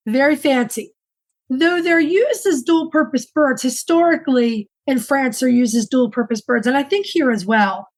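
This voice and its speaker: Woman co-host, fairly high voice, easygoing banter with dry wit. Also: poor audio. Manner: chatty, dry humor. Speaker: podcast co-host. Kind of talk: casual chat.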